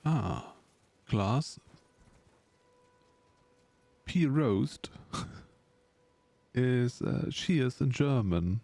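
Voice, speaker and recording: A man's voice: mid-range voice, expressive, drawn-out words, creaky, pauses often, dark tone. A man streaming a video game, rambling casually and chatting with his viewers as he plays. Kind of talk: casual live-stream commentary while gaming.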